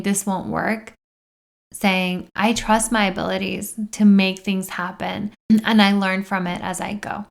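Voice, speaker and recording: A woman's voice: medium pitch, gravelly. A woman hosting a self-help podcast, talking casually and earnestly as she coaches listeners through example affirmations. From United States. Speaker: podcast host.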